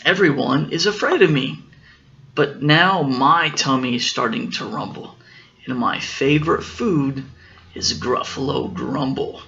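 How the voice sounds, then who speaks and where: A man's voice: mid-range voice, unhurried, creaky, sharp tone, lo-fi sound, slight background noise. A father voicing a clever little mouse in a storybook, with a chirpy, boastful manner. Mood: cheery.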